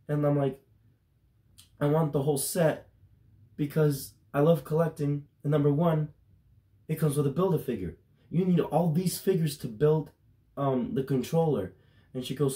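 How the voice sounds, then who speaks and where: A young man with a dark, raspy voice tells a casual, rambling story. He swears freely and gets loud and excited as he goes. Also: medium pitch, moderate pace. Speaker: toy collector vlogger.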